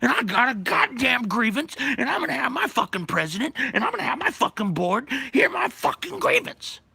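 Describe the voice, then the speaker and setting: A man voicing a furious, swearing union worker who plays the town Santa, shouting his grievance. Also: very high voice, sing-song, brisk, creaky, slightly rough, dry recording, voice pushed up, exaggerated voice.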